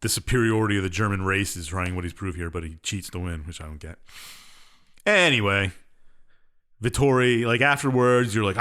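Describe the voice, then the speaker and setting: A young man on a podcast runs through a game's plot in loose, casual chat. His voice sits a bit low, and he shrugs off details with offhand, sarcastic asides. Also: a little fast, fairly bright tone. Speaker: podcast co-host.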